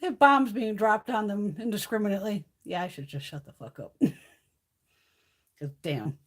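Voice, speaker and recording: Woman, livestream host, casual chat, blunt, swears a lot, laughs easily, mid-pitched voice. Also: a little slow. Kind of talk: casual live chat with viewers. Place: home on a mountain.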